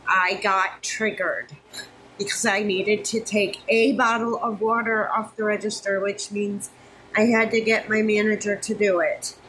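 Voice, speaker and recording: Recorded close on a phone camera, a fifty-something vlogger complains frankly, exasperated and overheated, cursing freely. Her delivery is flat and a little slow, medium in pitch with a fairly bright tone, on a rough recording with a little hiss or hum.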